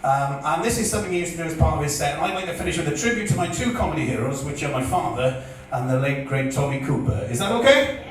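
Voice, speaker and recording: A man's voice: on the high side, expressive, fast talker. A man from West Wales doing a wry, self-deprecating stand-up comedy set in a hotel function room. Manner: wry, self-deprecating, loud stage delivery. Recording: echoey room heard from far off, faint noise.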